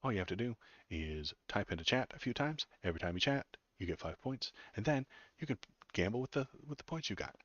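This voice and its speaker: A low-voiced man hosting a casual livestream, ranting with sarcastic disgust and joking with his chat. His voice is dry and close, with no room sound. The audio is a bit dull and muffled. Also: sing-song, fairly quick, fairly bright tone, dry recording. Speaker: political livestream host.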